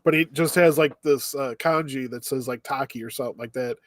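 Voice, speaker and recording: A man's voice: medium pitch, a little fast, no room sound. A man co-hosting a podcast, recapping anime episodes in casual chat and laughing often as he goes. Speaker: podcast co-host.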